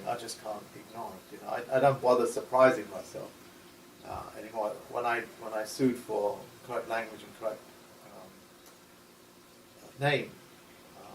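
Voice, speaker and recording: A man talking as an interview guest in casual conversation, halting with many restarts and short laughs. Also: lowish voice, creaky, a little hiss or hum. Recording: echoey room, voice from far off.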